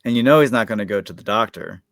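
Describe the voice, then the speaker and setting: Guy with a lowish voice rambling through a show recap, lots of likes and ums, dry close sound. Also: fast talker, vocal fry, a bit bright, dry recording. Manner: rambling, heavy use of filler words. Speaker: podcast co-host. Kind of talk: casual episode recap.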